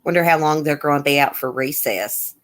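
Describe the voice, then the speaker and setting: On a casual live stream, a host with a medium-pitched, fairly bright voice reads a news report aloud. Blunt, indignant asides interrupt the reading, along with quick remarks to viewers in the chat.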